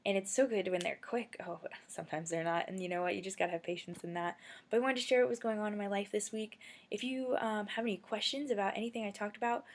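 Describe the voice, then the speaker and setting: Chatty young woman video blogger. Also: mid-range voice. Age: young adult. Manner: chatty, excitable storyteller with many fillers. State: feeling sick. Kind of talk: casual faith vlog.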